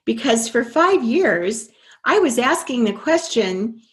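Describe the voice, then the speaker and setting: A woman's voice: fairly high pitch, big pitch swings, slow. An older woman, a guest in an interview, telling her story earnestly and quoting her own past thoughts.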